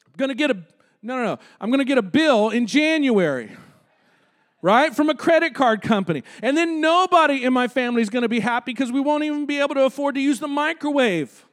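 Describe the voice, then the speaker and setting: A man's voice: extremely high pitch, animated, quick pace. A male pastor preaching a conversational sermon in a church, calling out to the congregation. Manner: conversational preaching with audience call-outs. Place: church sanctuary.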